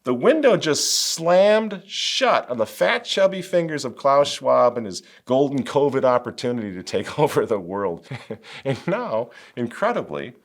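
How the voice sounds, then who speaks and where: Middle-aged male commentary host, lively swooping pitch, sarcastic asides. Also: unhurried. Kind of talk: animated political commentary.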